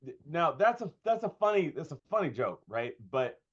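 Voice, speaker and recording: A pastor and comedian speaking in a conversational interview, thoughtful and often pausing with fillers and restarts. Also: male voice, on the high side, very animated, a bit bright, slightly rough. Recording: dull lo-fi sound.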